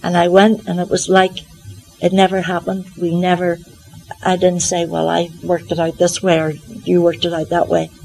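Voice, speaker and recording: An older woman sharing a personal testimony in an earnest, gently humorous, reflective way. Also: lowish voice, monotone, normal speed, vocal fry, low-quality recording. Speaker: Christian Science practitioner.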